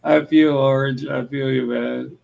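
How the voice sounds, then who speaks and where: A man's voice: mid-range voice, steady tone, measured pace, gravelly, darkish tone. Laid-back Chicago man chatting on stream. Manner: laid-back, laughs often, restarts sentences. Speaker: livestream host drawing and chatting with viewers. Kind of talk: casual chat.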